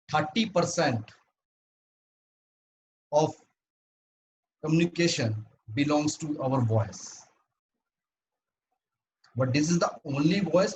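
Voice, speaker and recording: A man giving a prepared talk at an online speakers' club meeting, earnest and halting, with frequent restarts. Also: fairly high pitch, a little hiss or hum, low-quality recording.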